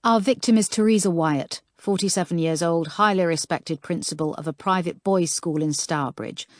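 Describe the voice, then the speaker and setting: List: woman doing a female police inspector, brisk, commanding, slightly raised voice, dry recording. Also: fairly low pitch, no echo, natural voice. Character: bossy female detective inspector, brisk and driven.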